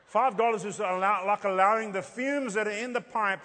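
Long reverb from a hall surrounds this high, brisk, bright and forceful male voice. He is a middle-aged preacher from South Africa delivering a funny sermon built on stories, playfully acting out the dialogue and dropping in rhetorical "Hello?" asides.

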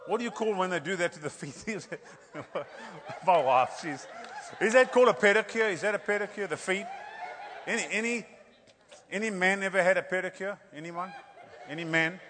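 A male preacher giving a humorous sermon, animated and joking, often tossing out a rhetorical "hello?" for laughs. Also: sits high, normal speed, long reverb tail, slight background noise.

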